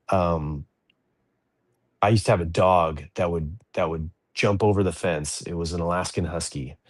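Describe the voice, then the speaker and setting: Man, deep low voice, relaxed joking co-host, casual chat, dry room. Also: no echo. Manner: joking, laid-back. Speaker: podcast co-host. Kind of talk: casual chat on a video call.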